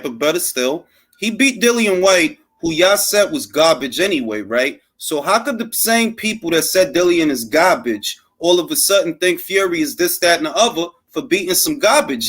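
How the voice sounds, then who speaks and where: A husky, high-voiced man rambles through casual, unscripted boxing commentary on his late-night show, animated and profane, loaded with slang and fillers.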